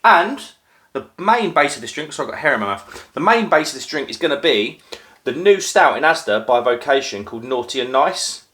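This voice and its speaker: A man's voice: medium pitch, very animated, a little fast, sharp tone. Rambling man making a drink. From Norfolk, England. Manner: rambling, self-deprecating, many filler ums. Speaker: craft beer video host. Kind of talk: casual chat while making a drink. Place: at home, crouched down. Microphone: phone.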